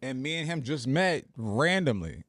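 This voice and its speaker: A man in his forties from New Jersey, a radio personality telling relaxed stories as a podcast guest, with many fillers. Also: mid-range voice, normal speed, dry recording, clean studio sound. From Plainfield, New Jersey. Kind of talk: casual podcast interview.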